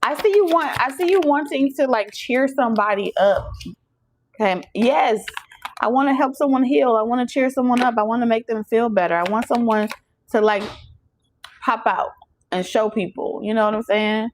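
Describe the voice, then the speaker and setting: A woman giving a casual channeled tarot reading, talking straight to her viewers in an animated, preachy way and laughing often. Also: fairly high pitch, normal speed, a little hiss or hum, rough recording. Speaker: tarot reader.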